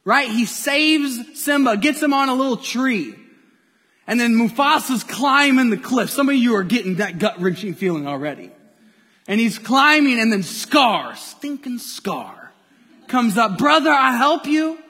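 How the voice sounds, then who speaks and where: A male pastor preaching a sermon to a church congregation, lively and playful as he draws listeners in. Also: very high-pitched. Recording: long hall reverb from a church.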